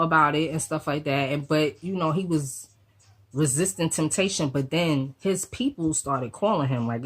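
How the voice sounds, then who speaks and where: A woman with a low, husky voice, still getting over a cold, tells a story straight to her viewers. She talks fast and loose, full of slang and swearing, and keeps the story moving with lively asides. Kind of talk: casual storytime vlog.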